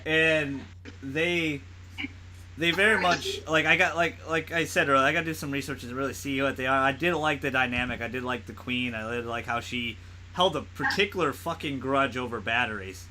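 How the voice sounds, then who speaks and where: A man's voice: mid-range voice, moderate pace, crowd noise. A man co-hosting a podcast, rambling through a casual movie chat with lots of laughing and swearing. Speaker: podcast co-host.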